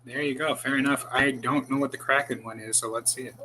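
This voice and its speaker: A man co-hosting a casual podcast, speaking in short deadpan remarks. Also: medium pitch, fast, a little hiss or hum, rough recording. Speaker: podcast co-host. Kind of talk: casual chat.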